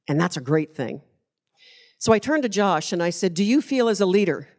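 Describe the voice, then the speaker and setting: A middle-aged woman with a lowish, slightly mellow voice gives a conference keynote. She tells stories passionately and with strong emphasis.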